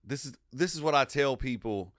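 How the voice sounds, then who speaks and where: A man's voice: mid-range voice, moderate pace, dry recording, studio quality. A man with a North Carolina Southern accent, co-hosting a comedy podcast with playful teasing. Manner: teasing, playful, lively delivery. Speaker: podcast co-host. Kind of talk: casual comedic chat.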